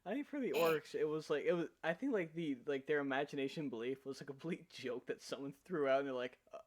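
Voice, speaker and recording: A man's voice: on the high side, animated, fast. A man co-hosting a casual stream chat, rambling and correcting himself, laughing mid-sentence. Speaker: co-host.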